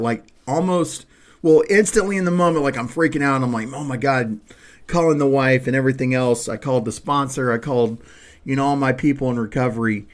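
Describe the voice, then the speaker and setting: A man hosting a podcast, chatting casually and rambling with lots of fillers and restarts. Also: medium pitch. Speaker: podcast host. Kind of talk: casual conversational chat.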